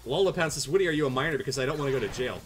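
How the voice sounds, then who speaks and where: Speaking very fast in a medium, fairly bright voice, a Canadian streamer and caster mixes casual chat with game commentary, reading viewer jokes and teasing himself. Faint music sits behind him.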